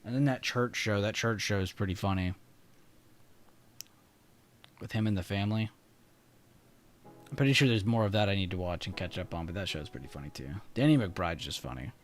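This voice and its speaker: A man's voice: deep voice, fairly quick, pauses often. A young man hosting a livestream, chatting casually and laughing easily in a laid-back, slangy way. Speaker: trading livestream host.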